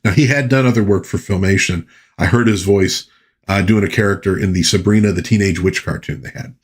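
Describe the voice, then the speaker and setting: A man's voice: low-pitched, fairly quick, breathy edge. A man hosting a pop culture show, talking in a rambling, folksy way with lots of asides. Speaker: podcast host. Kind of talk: casual pop culture commentary.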